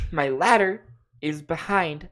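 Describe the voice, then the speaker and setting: A woman's voice: deep voice, very slow. A woman streaming a game live, playful and teasing her chat, laughing often. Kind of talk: casual live gameplay commentary.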